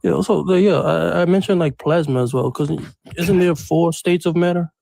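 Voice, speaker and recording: A man with a gravelly, mellow voice pushes his questions in a casual voice chat. He keeps at them insistently, with hesitant restarts. The sound is dry and close. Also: fairly high pitch, moderate pace, no room sound. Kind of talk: casual debate.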